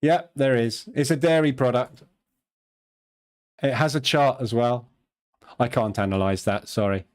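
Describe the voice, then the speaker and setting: A chatty man with a southern English accent, speaking at an ordinary middle pitch as he hosts a live trading stream. He talks casually to his viewers, answers their questions aloud and laughs easily at his own jokes. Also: unhurried, long pauses, a little mellow. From southern England.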